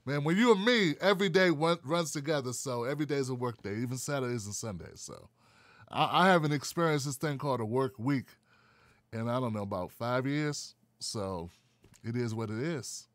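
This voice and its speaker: A man's voice: mid-range voice, lively intonation, moderate pace, fairly bright tone, no echo. Man hosting a sarcastic live show. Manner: playful, sarcastic asides. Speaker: show host. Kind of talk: livestream political talk.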